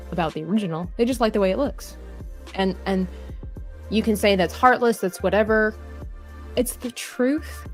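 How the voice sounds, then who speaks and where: A woman hosting a live drawing stream, talking earnestly in a rambling, casual way with frequent restarts while reading chat comments aloud. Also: mid-range voice. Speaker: livestream artist host. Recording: faint background music.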